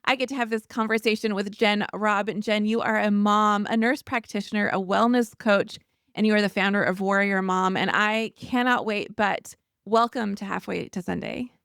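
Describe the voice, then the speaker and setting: A woman's voice: medium pitch, normal speed, fairly bright tone, clear, resonant tone, no echo, clean studio sound. A woman hosting a faith-based interview podcast, chatty and enthusiastic as she welcomes her guest. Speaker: podcast host.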